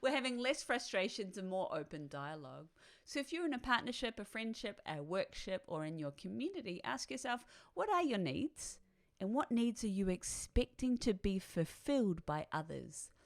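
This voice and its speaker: A woman's voice: mid-range voice, sing-song, normal speed. A woman guiding listeners through a self-reflection exercise in a chatty coaching manner, often ending points with "right?". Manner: warm, chatty coaching with frequent "right?" tags and laughs. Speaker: author and workshop guide. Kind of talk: guided self-reflection talk.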